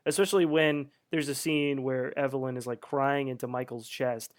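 A man's voice: mid-range voice, fairly even intonation, normal speed. A man co-hosting a podcast, chatting about a TV episode in a laid-back, joking, profane way. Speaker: podcast co-host. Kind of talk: casual chat recapping a TV episode.

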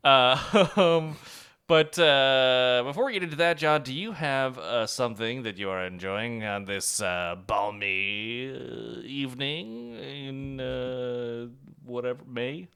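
Man, podcast co-host, casual chat, animated pitch, laughs a lot. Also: slow, vocal fry, clean tone. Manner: laughs often, animated and joking.

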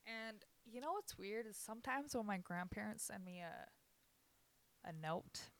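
A woman's voice: mid-range voice, lively intonation, unhurried, fairly bright tone, a little hiss or hum. A woman in her thirties speaking candidly and emotionally in a conversation, sighing between confessions. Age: 30s.

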